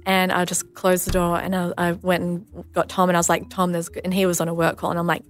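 A chatty woman in her thirties with a voice pitched a little low. She tells her story in an easy, rambling way, with plenty of fillers. Faint music sits underneath. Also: monotone. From Australia. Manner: chatty, lots of "like" and "you know", quick asides. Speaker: guest, nurse and mother. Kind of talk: casual storytelling interview.

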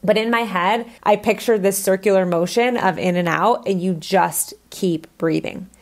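A woman's voice: mid-range voice, normal speed. A woman hosting her own podcast, talking casually and candidly, with lots of "like" fillers. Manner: chatty, candid, says "like" a lot. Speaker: podcast host.

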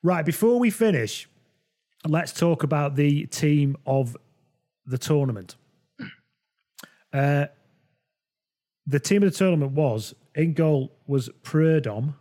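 A man hosting a casual football podcast, relaxed, reeling off player names and laughing easily. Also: fairly high pitch, takes it slowly, long pauses. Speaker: podcast host.

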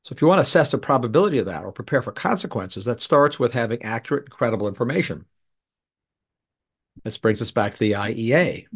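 A man hosting his own podcast, delivering a measured, deliberate policy commentary monologue with occasional restarts. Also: medium pitch, lively intonation, breathy edge. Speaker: podcast host.

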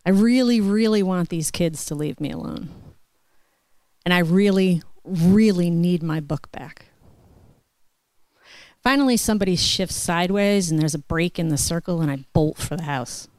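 Woman storyteller at a live show, measured and vivid, crisp voice. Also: on the low side, darkish tone, no echo. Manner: slow, deliberate, vivid.

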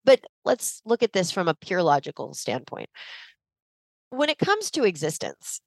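A woman with a fairly low voice, talking on a video call as a podcast guest. She explains ideas with energetic emphasis and a teacherly drive. The sound is dry and close. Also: moderate pace, vocal fry, dry recording. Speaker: leadership coach guest.

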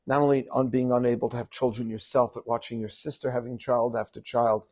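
A man in the role of a rabbi delivers a lively Torah lesson at a middle pitch. He chants short Hebrew phrases, glosses them in English, and keeps asking his listeners questions. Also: a little fast. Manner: animated, quotes Hebrew verses then translates; asks rhetorical questions to the audience. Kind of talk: Torah teaching talk.

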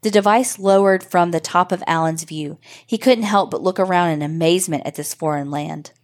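Woman narrating a horror story. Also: on the low side. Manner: steady, measured storytelling. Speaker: podcast host reading a listener story.

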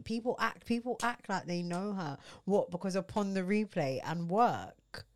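A woman's voice: medium pitch, expressive, unhurried, few pauses. A young woman chatting on a podcast, swearing casually as she tells a story. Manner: laughs and cries through her story, swears freely. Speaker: podcast co-host. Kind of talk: casual chat.

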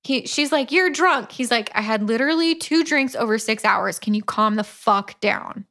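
Female co-host, slightly high voice, lively storyteller, laughs a lot. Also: moderate pace. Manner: animated storytelling, laughs often, swears. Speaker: podcast co-host. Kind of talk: casual book review chat.

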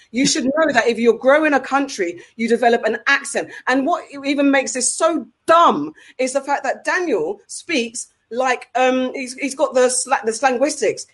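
A woman with a London accent, co-hosting a casual podcast and ranting heatedly, repeating herself for emphasis. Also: on the high side. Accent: London English. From England. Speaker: podcast co-host.

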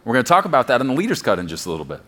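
A man's voice: mid-range voice, wildly swooping pitch, rapid-fire, sharp tone. A man preaching a sermon as pastor, emphatic and appealing directly to the congregation, repeating key phrases for stress.

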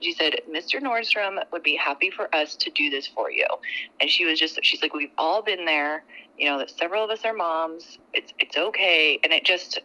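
Woman guest, 30s, lower pitch, bright and animated, laughing through her story on a phone line. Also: normal speed. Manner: animated and laughing as she tells it. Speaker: customer guest. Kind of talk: telling a personal story on a phone call.

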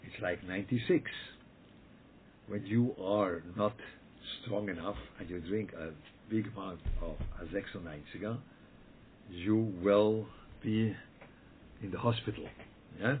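A man leading a Torah study group over a video call, speaking emphatically and repeating himself, often restarting his sentences. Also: lowish voice. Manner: emphatic, repetitive, halting with frequent restarts. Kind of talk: Torah talk over a webinar. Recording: tinny phone-like call audio with faint noise.

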